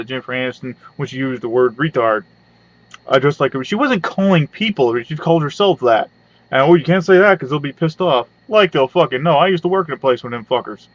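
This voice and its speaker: A man's voice: mid-range voice, dry recording. Man, crude sarcastic webcam rant, rambling asides, dry dull lo-fi sound. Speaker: webcam vlogger. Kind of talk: profane comedic rant. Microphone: webcam mic.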